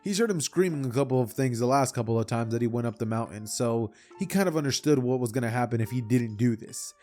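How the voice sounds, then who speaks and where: A man's voice: medium pitch, quick pace. Young guy telling a fan story, chatty and rambling, bit of music behind. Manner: rambling, animated retelling with asides. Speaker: YouTuber. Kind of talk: casual fan-fiction storytelling.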